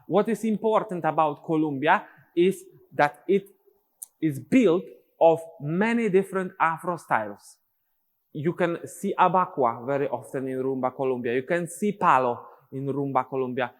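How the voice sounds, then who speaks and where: A man's voice: a little high, normal speed, big-room sound. A male dance teacher, explaining steps and counting rhythms aloud in syllables. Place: dance studio.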